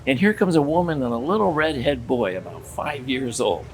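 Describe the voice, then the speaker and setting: Older man, gravelly voice, lively storyteller, faint background noise. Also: medium pitch, normal speed. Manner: animated storyteller acting out dialogue. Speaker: theme park character performer. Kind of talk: casual interview storytelling.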